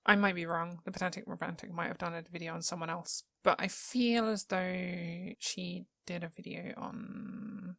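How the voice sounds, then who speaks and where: Young woman, low voice with vocal fry, dry close mic, thinking aloud, hedging. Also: fairly even intonation, moderate pace, hardly any pauses, fairly bright tone, no echo. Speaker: podcast co-host. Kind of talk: casual chat.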